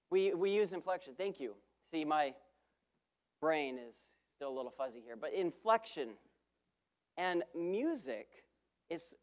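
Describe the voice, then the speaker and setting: A man, a guest preacher, delivering a sermon with emphatic repeated phrases and quick self-correcting asides. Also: on the high side.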